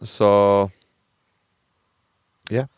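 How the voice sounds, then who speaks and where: A man's voice: on the low side, little pitch movement, drawn-out words, clean tone, dry recording, clean studio sound. A man co-hosting a casual podcast, teasing and bantering with his friend. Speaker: podcast co-host. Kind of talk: casual chat.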